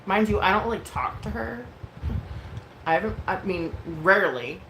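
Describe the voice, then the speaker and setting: A woman in her thirties rants casually about a falling-out, swearing freely and leaning on fillers as she talks. Her voice sits in an ordinary middle pitch. She is recorded in an echoey room, with steady background noise behind her. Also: moderate pace. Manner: frank, profane, venting, full of fillers. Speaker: vlogger. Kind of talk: casual storytime rant.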